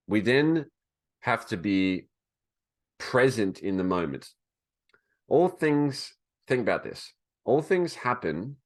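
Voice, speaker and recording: A man hosting a podcast, giving a casual motivational talk in a blunt, animated way that includes swearing. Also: low-pitched. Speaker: podcast host, self-described philosopher.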